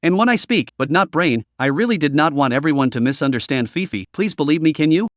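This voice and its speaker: A man's voice: on the high side, expressive, fast, dry recording, clean studio sound, lightly acted. A man voicing a timid, tearful young woman who keeps pleading and apologizing.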